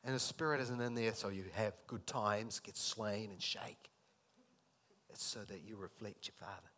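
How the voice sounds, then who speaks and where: Speaking at a normal speed in a fairly low voice, a man preaches and performs the scripture's dialogue. His delivery moves back and forth from forceful, loud emphasis to quiet closeness.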